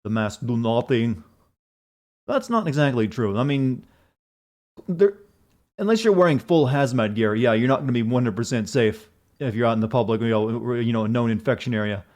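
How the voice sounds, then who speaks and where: A man's voice: mid-range voice, expressive, normal speed, a little mellow. A man streaming a video game, chatting casually, answering chat messages in a rambling, profane way.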